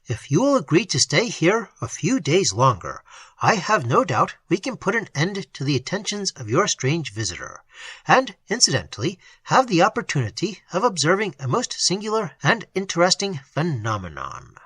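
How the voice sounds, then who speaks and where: Narrator as composed male doctor, quiet authority, bright and husky tone, dry close sound. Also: mid-range voice, very animated, dry recording. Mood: authoritative. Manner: quiet, measured, decisive.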